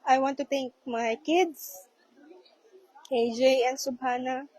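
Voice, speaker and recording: Heartfelt Filipino woman, bright higher voice. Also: fairly even intonation, takes it slowly, low-quality recording. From Philippines. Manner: polite and heartfelt, with frequent hesitations. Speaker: low-carb vlogger. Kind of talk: casual livestream talk.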